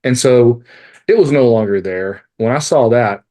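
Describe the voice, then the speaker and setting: A man in his forties speaks a little slowly in a medium-pitched voice, sharing a personal story as a podcast guest. He's a life coach, and his candid telling is animated, laced with swearing, and full of jokes at his own expense.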